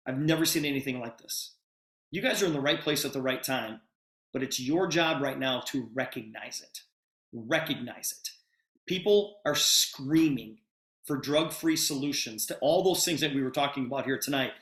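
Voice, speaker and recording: A man's voice: on the high side, moderate pace, fairly bright tone, echoey room. A man hosting a sales video call, talking in an urgent, emphatic and enthusiastic way.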